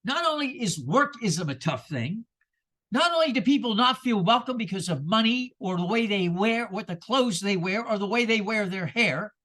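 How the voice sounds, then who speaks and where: A man preaching a sermon as minister, animated and rhetorical, with sarcastic asides. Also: high-pitched, normal speed.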